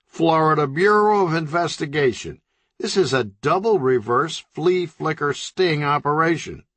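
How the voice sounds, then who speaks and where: A brash undercover cop in a crime comedy audiobook, played by a man with slow, combative threats. The voice sits higher than the reader's own, loud and pushy. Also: animated, no room sound. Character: brash male undercover cop in floral shirt.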